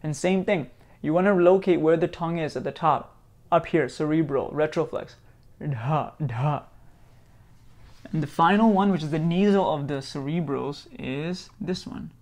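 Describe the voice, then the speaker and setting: A man from India teaching Sanskrit sounds, repeating each sound slowly and patiently. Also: fairly high pitch, darkish tone. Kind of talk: slow teaching, pronouncing sounds aloud.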